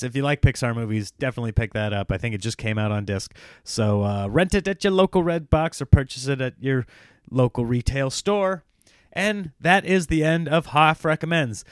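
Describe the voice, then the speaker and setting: A man's voice: mid-range voice, smooth, no room sound, studio quality. A man hosting a solo podcast in a casual, rambling, self-mocking way, often laughing at himself. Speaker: podcast host.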